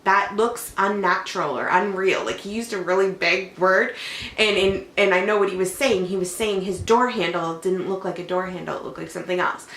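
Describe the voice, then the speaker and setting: This young mother, who vlogs, talks fairly quickly in a lowish, fairly bright voice with fairly even intonation. She's at home rambling chattily through a personal story, leaning heavily on "like," while the echoey room carries a faint background hum.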